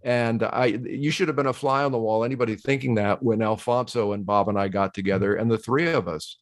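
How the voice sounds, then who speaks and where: A man in his sixties, a guest on a podcast, telling stories casually and agreeing with quick laughs. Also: medium pitch, steady tone. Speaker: guest, TV host. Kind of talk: casual interview chat.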